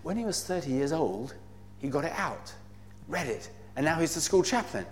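A man speaks to a church gathering on behalf of a Bible society, earnest and eager. His voice sits a touch high and moves along with many small fillers and cries of praise. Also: sing-song, moderate pace, a little hiss or hum. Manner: earnest, enthusiastic, with frequent fillers and exclamations of praise. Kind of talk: talk to a church congregation.

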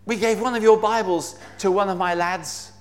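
A man quoting a woman prison chaplain, telling him her news in an eager, hurried way. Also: medium pitch, fairly even intonation, pitched above the performer's own voice, close to an everyday voice. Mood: moved.

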